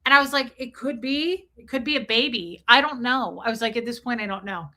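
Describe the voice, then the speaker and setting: Bright, chatty young woman streamer. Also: a little high, brisk. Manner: chatty, animated, greets viewers mid-story. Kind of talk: casual livestream storytelling.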